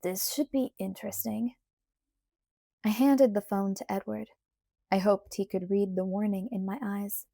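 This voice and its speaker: A woman narrating a novel aloud in the first person, in unhurried scripted storytelling. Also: medium pitch, warm tone, no room sound. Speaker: audiobook narrator.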